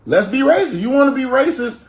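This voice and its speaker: A man's voice: extremely high pitch, animated, fairly quick. A man in a played clip, mockingly taunting someone and repeating a refrain. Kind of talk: clip of comedic confrontation.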